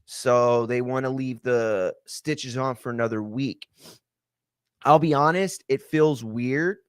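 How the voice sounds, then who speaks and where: A man with a medium-pitched, clear and resonant voice talks slowly while hosting a podcast, ranting casually with plenty of swearing and filler words. The recording is clean studio audio with no room sound.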